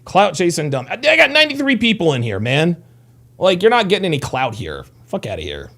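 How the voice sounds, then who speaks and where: A man's voice: sits high, wildly swooping pitch, brisk, pushed and bright. A man in his thirties hosting a casual livestream, rambling and profane as he reads chat comments. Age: 30s. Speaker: livestream host.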